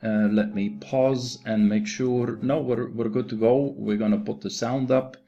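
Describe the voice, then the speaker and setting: A man promoting a program, talking casually to his group in a halting way full of restarts. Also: medium pitch, fairly even intonation, dark tone, dull audio, slight background noise. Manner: halting, many fillers and restarts. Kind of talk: casual recorded talk to a group.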